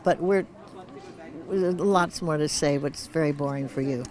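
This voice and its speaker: A woman's voice: sits low, normal speed, a little mellow. Rambling, joking woman in her eighties. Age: 80s. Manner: rambling, joking, chuckling often; wandering, searches for words. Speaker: award honoree being interviewed. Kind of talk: casual red-carpet interview.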